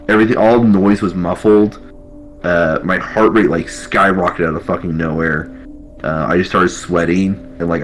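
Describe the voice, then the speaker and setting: An army veteran recounting a wild night in a rambling, profane, casual way. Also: male voice, low voice, fairly bright tone, slight background noise, low-quality recording. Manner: rambling, profane, full of fillers. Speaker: army veteran telling his story. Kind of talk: casual storytelling.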